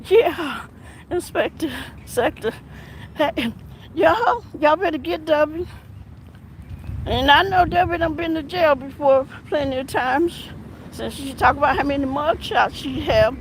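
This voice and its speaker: A woman with a high voice talks slowly and emphatically, circling back over the same points as she comments. Wind and passing traffic rumble loudly behind her outdoor recording. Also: rough recording. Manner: rambling, repetitive, emphatic. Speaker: commentary vlogger. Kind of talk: casual commentary.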